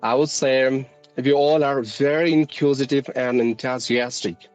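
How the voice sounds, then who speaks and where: A man's voice: mid-range voice, fairly even intonation, a little slow, highs cut off. A man from India, an English teacher and channel host, answering interview questions in an earnest, formal way and politely calling her "ma'am". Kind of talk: conversational interview. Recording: faint background music.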